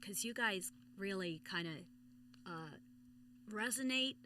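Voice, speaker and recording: Bright-voiced Australian woman. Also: mid-range voice, animated, slow pace. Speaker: guest. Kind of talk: casual chat.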